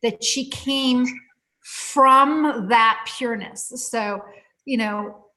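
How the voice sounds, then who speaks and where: A woman with a fairly high voice tells a story from her healing practice in relaxed conversation. She talks in a lively, halting way, full of fillers and restarts, and laughs often.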